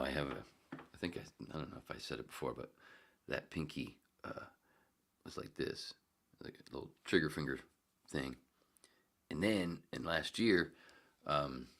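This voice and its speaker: A man's voice: rumbling low, fairly bright tone. A middle-aged man hosting a podcast alone, rambling through self-mocking stories in casual chat and reading out a live chat. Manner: rambling, self-mocking, drops into whispers and laughs. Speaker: podcast host.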